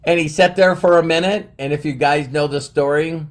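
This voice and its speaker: A man's voice: on the high side, fairly even intonation, moderate pace. A man in his fifties giving an earnest, rambling motivational monologue, often restarting his sentences. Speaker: motivational speaker.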